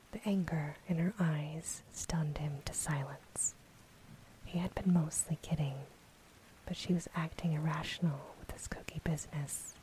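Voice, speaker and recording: A woman whispering a calm, steady storybook narration in a whispered role-play. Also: low-pitched, measured pace, a little hiss or hum, rough recording.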